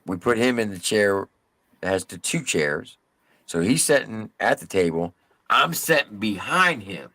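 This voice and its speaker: Man, low gravelly voice, lively storytelling, dry close sound. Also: dry recording. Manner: animated, drawn-out emphasis, mild cursing. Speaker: live stream co-host. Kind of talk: casual storytelling.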